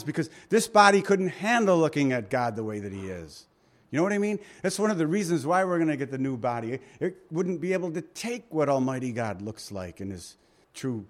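A man preaching a sermon, reading scripture and telling stories with acted quotes, his volume and pace swinging widely. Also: fairly high pitch. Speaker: pastor.

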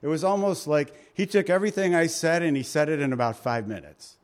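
Man, pastor, sermon, fairly high pitch, scripture reading, storytelling, swings from loud to soft. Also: lively intonation, brisk. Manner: reads scripture, then tells stories with acted quotes; wide swings in volume and pace.

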